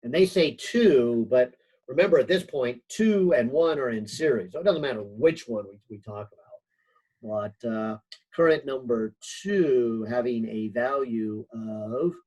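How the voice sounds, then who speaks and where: A man's voice: medium pitch, lively intonation, a little slow, long pauses, a little mellow, husky, low-quality recording. A man teaching a physics help session over a video call, thinking aloud with lots of fillers and a few light jokes. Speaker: physics instructor. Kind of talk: online class help session.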